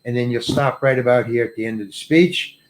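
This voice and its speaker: A man quoting a brisk, confident male film director while telling a story on set. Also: medium pitch, pitched below the performer's own voice, natural voice. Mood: breezy, bossy. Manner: brisk, bossy, laying out the plan. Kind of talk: quoted voice in an anecdote.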